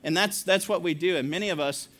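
A man's voice: sits high, fast, fairly bright tone. A male pastor preaching a sermon, telling stories with laughs and asides to the congregation.

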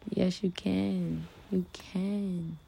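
Casual podcast host, young woman, deep warm tone, blunt and profane, talks straight to listeners. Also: level tone, drawn-out words, gravelly, breathy edge. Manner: candid and profane, addresses listeners as loves. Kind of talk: casual motivational monologue.

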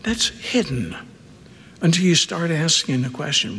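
A man preaching a sermon, talking conversationally, with dramatic swings from loud emphasis down to a hushed near-whisper. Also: on the high side, big pitch swings, measured pace, in a large hall, a little hiss or hum. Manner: conversational asides and repetition. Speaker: pastor.

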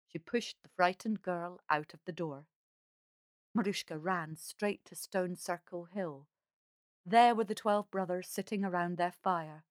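Slow calm woman reading a fairy tale. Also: fairly low pitch, no echo, studio quality. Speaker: storyteller. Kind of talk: storybook reading.

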